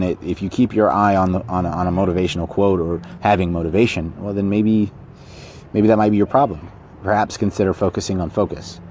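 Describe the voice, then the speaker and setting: A man's voice: low-pitched, slight background noise. A man hosting a podcast, talking bluntly and casually about motivation, often repeating and restarting his phrases. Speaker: podcast host.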